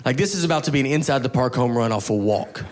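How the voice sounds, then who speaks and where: A man's voice: medium pitch, animated, quick pace, very noisy. A man performing a stand-up comedy set, telling self-mocking stories in a laid-back way. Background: audience laughter.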